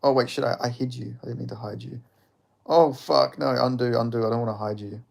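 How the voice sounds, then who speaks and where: Steady in tone and fairly quick, this young man's mid-range voice has a gravelly quality. Running a fight watch-along stream, he chats casually, curses frequently, jokes with chat and laughs plenty.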